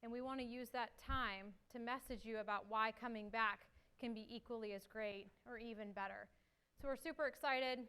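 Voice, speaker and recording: A young woman giving an energetic conference talk and answering questions, a little out of breath. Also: on the high side, a little fast, clear, resonant tone. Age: young adult. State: slightly out of breath. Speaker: marketing executive speaker.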